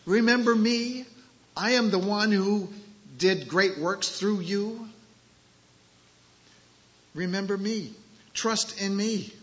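A man doing a calm, patient divine voice. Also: high-pitched, slow, long pauses, voice pushed up. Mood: gentle. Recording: dull lo-fi recording.

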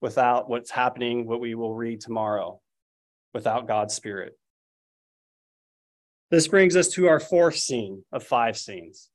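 A man's voice: mid-range voice, measured pace, long pauses. A man preaching a sermon, telling the story and acting out the lines he quotes. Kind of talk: expository sermon.

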